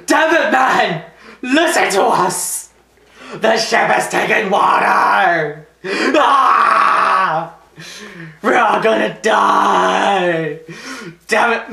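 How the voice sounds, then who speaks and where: A man playing a panicked male ship captain who yells and swears frantically. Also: sits high, creaky, roomy sound, pitched above the performer's own voice, exaggerated voice.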